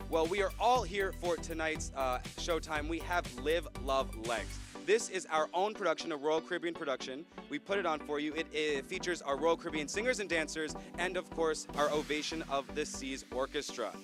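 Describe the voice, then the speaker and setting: A man's voice: a little high, fairly quick, over music. A young man from Florida acting as cruise director, announcing on stage to a theater audience with upbeat showman patter and corny jokes.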